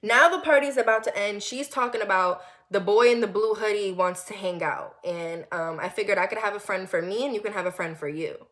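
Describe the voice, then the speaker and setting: A young woman telling a personal story in a vlog, animated and repetitive, with lots of swearing. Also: medium pitch, a little fast, few pauses. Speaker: vlogger.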